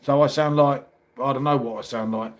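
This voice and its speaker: A man's voice: mid-range voice, steady tone, fairly quick. A middle-aged man with a London accent, chatting casually on a livestream and reading out comments, calling everyone mate. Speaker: livestream host.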